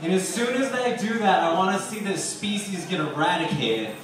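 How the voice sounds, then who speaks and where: Rambling profane comic in an echoey bar. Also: male voice, high-pitched, animated, moderate pace, crowd noise. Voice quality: rambling, profane, self-deprecating. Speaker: stand-up comic. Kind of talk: stand-up set at an open mic. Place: bar stage before a live audience. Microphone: handheld stage microphone, caught by a distant camera. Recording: echoey bar room from far off.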